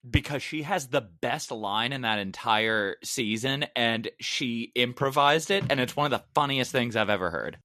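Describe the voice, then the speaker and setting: A man co-hosting a podcast, telling stories in casual chat with excitable interruptions. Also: mid-range voice, moderate pace, few pauses, no echo, clean studio sound. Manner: storytelling, expressive, excitable interruptions. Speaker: podcast co-host.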